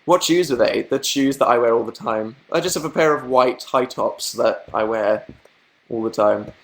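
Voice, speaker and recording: A young man talking casually into his webcam, reading out comments and spinning awkward stories. He laughs often and mimics other people in a lifted, squeaky voice for comic effect. The pitch sits in an ordinary middle range. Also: normal speed, gravelly. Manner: chatty storytelling, acting out quotes in higher voices, laughing. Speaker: livestream host. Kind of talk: casual livestream chat.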